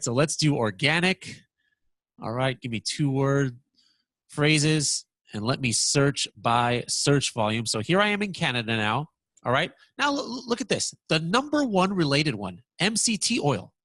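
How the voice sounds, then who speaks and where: A man presenting a software walkthrough lesson, talking excitedly and stammering when surprised. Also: fairly high pitch, moderate pace, no room sound.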